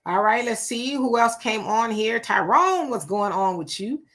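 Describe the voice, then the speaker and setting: A middle-aged woman hosts a livestream from her home setup. Her voice is bright and clear, with a chatty manner as she reads viewer comments aloud and greets each person by name. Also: fairly high pitch, animated, measured pace. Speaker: livestream host. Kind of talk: casual livestream chat reading viewer comments. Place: home room. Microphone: home streaming setup.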